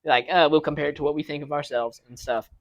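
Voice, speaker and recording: A man's voice: fairly high pitch, fairly even intonation, fast talker, lo-fi sound. A man ranting in casual chat with friends, rambling with many restarts and fillers. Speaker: podcast co-host. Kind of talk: casual rant among friends.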